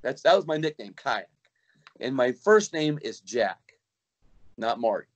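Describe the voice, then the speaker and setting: A man's voice: medium pitch, very animated, measured pace, lo-fi sound. A middle-aged man, a kayak fishing guide, telling a long story in casual chat with many restarts and acted-out quotes.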